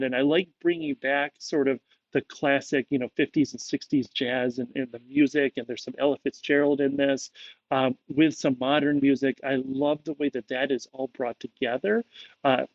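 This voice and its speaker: A man's voice: medium pitch, no room sound, highs cut off. A man giving a casual, conversational movie reaction, musing aloud with frequent fillers. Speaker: movie reviewer.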